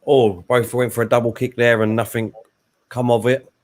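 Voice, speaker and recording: A man hosting a live watchalong, giving relaxed play-by-play with fillers and asides. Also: medium pitch, moderate pace. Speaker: host and fight commentator. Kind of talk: casual live watchalong commentary.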